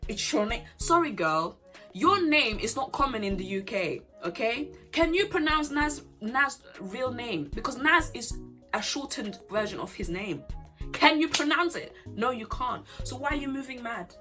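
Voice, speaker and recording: A young woman runs through a reality show in casual vlog commentary. She is sassy and animated, calling people out directly. Faint music plays softly behind her. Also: a little high, moderate pace. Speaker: vlogger.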